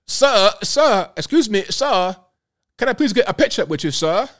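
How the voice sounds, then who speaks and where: A man's voice: high-pitched, lively intonation, normal speed, a bit bright, pitched above the performer's own voice. A man mimicking a pop star's fake British accent. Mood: pleading. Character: pop star woman faking a posh British accent.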